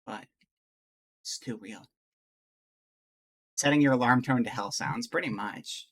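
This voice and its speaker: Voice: mid-range voice, unhurried. A streamer chatting candidly with viewers and reading a visual novel aloud, with a rambling, restart-prone way of talking. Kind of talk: casual chat and visual novel read-through.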